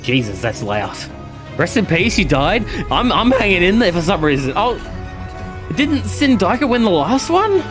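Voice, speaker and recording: A man streaming a game, chatting casually with viewers, animated and cursing freely. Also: sits high, moderate pace, over music. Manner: animated, swearing, laughing at the game. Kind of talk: casual live-stream chat.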